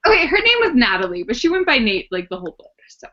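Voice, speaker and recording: A woman's voice: fairly high pitch, big pitch swings, fast talker, pushed and bright. A woman in a casual book club discussion over a video call, thoughtful with a teasing edge. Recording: muffled video-call audio.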